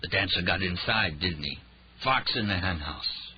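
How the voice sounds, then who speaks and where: A man narrator voicing a drunk, raging male detective who snarls and shouts. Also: low voice, expressive, moderate pace, dull audio, slight background noise. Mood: bitter drunk. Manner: snarling, shouting, slurred rants.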